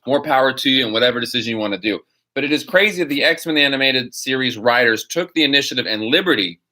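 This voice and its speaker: Animated bright-voiced man ranting on a live stream. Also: mid-range voice. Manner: rambling, opinionated and animated. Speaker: host. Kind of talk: live-stream chat answering viewer questions.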